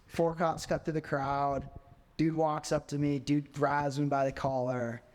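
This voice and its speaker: A man's voice: fairly high pitch, a little slow, long reverb tail. A man in his twenties, a podcast guest, telling a story in a casual way and filling his speech with "like". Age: 20s. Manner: constant "like" fillers, animated.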